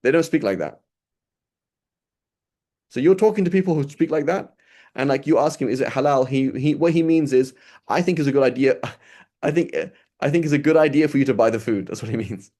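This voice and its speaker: Man, religious teacher, informal lesson, conversational, middle pitch, asks listeners questions. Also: a little fast, long pauses, mellow.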